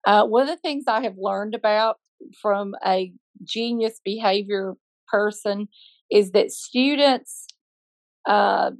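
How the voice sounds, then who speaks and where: A middle-aged Southern woman co-hosting a podcast, ribbing her friend and acting out little stories. Her voice is mid-pitched and recorded close and dry. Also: no room sound. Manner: teasing, animated storyteller. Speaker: podcast co-host, school counselor. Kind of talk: casual chat, storytelling.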